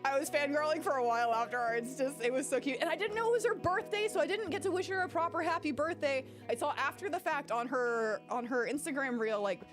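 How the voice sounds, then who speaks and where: A fairly high-voiced woman chatting through a game playthrough, rambling from thought to thought and swearing freely. Her storytelling is animated, with sudden leaps upward in pitch. Game music plays clearly behind her. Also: fast, hardly any pauses. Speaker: gaming YouTuber. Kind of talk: casual chat during a game playthrough.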